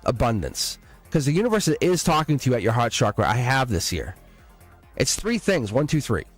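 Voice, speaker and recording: A man giving a live-stream tarot reading, excitable and blunt, swearing and laughing as he talks to viewers. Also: medium pitch, normal speed, faint music behind. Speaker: tarot reader.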